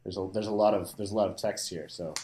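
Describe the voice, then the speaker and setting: A man's voice: on the low side, steady tone, fast talker, mellow, echoey room. A man playing a tabletop wrestling game, thinking aloud hesitantly with lots of fillers. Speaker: player. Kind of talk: casual tabletop game play.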